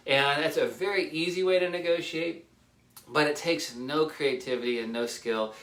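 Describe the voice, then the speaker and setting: A man giving casual real estate negotiation tips, energetic, repeating himself and acting out little dialogues. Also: fairly high pitch, moderate pace, echoey room. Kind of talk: casual talk to camera.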